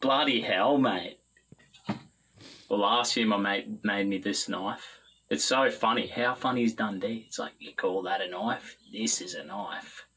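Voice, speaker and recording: A man's voice: fairly low pitch, a little slow, bright, forceful tone, breathy edge, heavily acted, poor audio. A man with an Australian accent voicing a brash, crude, boastful larrikin in a comedy sketch clip. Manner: boastful, swaggering, slangy.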